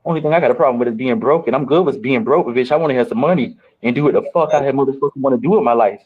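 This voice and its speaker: A man on a reality show after-show, telling candid stories in casual chat, animated and profane, with big swings in his voice. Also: medium pitch, racing, slightly rough, narrow, tinny audio. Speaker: reality show cast member.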